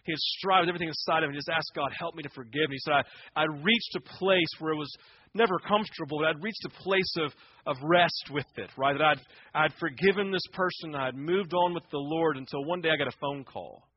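A man preaching a sermon in a husky, fairly high voice. He tells stories that drop to a hush and then rise with passion, often repeating words and tagging lines with "right?". The sound is dull and lo-fi. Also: fairly quick. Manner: storytelling, swings from hushed to impassioned. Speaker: pastor.

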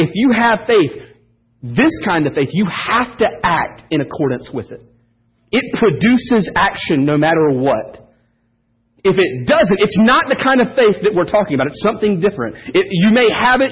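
A man preaching a sermon as pastor, telling stories in an animated, joking way. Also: sits high, breathy edge. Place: church service. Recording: dull lo-fi sermon audio.

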